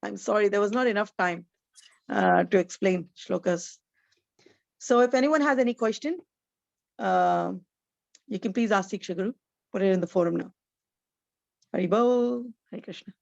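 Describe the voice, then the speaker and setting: A woman's voice: medium pitch, moderate pace, vocal fry, long pauses, a little mellow, dry recording, highs cut off. A woman giving an online scripture lecture, explaining each point earnestly, like a teacher.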